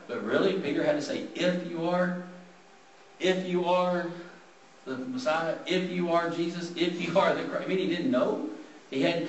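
A man's voice: fairly high pitch, slight background noise. A man preaching a sermon in a church hall, talking casually as he reads scripture aloud and explains it. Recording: roomy sound from a distant mic.

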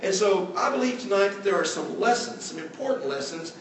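A man's voice: sits high, animated, a little fast, hardly any pauses, a bit bright, slight background noise. A man preaching an earnest sermon in a church, his emphasis rising and falling as he acts out the voices he quotes. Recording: echoey room, mic at a distance.

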